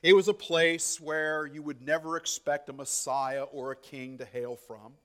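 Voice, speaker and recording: A man preaching a sermon in a conversational teaching style, often checking in with "okay?" and acting out quotes with lively excitement. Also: a little slow. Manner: animated, acts out quotes with rising pitch. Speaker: pastor.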